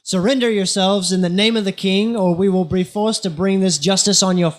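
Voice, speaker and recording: A man's voice: high voice, fairly even intonation, brisk. A man playing a tabletop game, fumbling and laughing his way through in-character speeches. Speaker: player. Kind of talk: casual tabletop game play.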